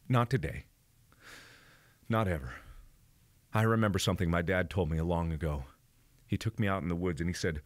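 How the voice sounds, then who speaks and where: A man in his twenties giving a mock-solemn rallying monologue to camera, melodramatic and swinging between hushed and booming lines. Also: moderate pace, long pauses, dry recording. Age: 20s. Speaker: video creator.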